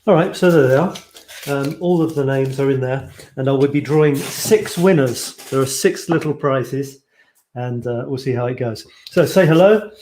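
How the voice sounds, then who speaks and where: A man hosts a live online stream from home, talking loosely and rambling as he greets viewers. He reads their comments aloud and chats back in a relaxed, off-the-cuff way. His pitch sits in an ordinary middle range for a man. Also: normal speed, a little hiss or hum. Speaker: host of a photo challenge livestream. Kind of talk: casual live stream chat.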